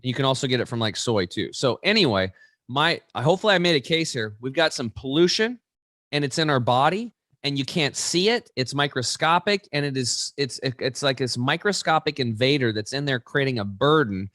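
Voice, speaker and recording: A man's voice: mid-range voice, moderate pace, no room sound, studio quality. A man, an interview guest, explaining with energy, acting out quoted people and often restarting his sentences. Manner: animated storyteller, acts out quoted voices, many restarts.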